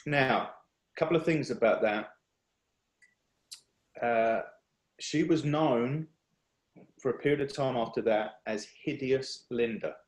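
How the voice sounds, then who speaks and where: A man giving an earnest, confessional personal testimony over a video call, halting and restarting as he speaks. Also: mid-range voice, reverberant, low-quality recording. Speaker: speaker at a worship workshop.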